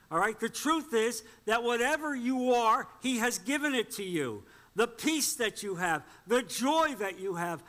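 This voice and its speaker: A man's voice: high voice, a bit bright. A man preaching a sermon, emphatic and direct, quoting scripture and putting questions to the congregation. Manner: emphatic, repeats points and asks the congregation questions; quotes scripture aloud. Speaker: pastor.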